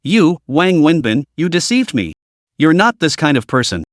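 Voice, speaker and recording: A man's voice: on the high side, big pitch swings, normal speed, no echo, studio quality. A man voicing a young woman who is tearful and pleading, reading her in a storybook recap. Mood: upset. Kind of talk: storybook narration.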